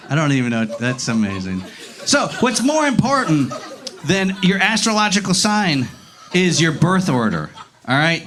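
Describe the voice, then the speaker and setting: A man doing a profane, animated stand-up set with crowd work, recorded live on a handheld mic in a comedy club. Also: high voice. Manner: profane, animated, laughing through lines.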